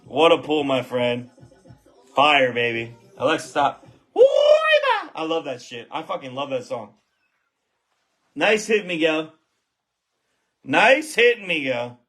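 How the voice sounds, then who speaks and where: Loud, swearing male box break host, high and bright voice, swings wildly in pitch, bursts into shouts. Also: slow, long pauses, soft background music. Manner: excitable, profane, shouts at big pulls. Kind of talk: live box break stream commentary.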